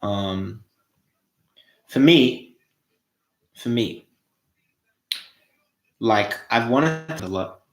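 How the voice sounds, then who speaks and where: A man's voice: medium pitch, lively intonation, very slow, pauses often, reverberant. A young Australian man hosting a casual motivational monologue, swearing freely and restarting his phrases. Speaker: host.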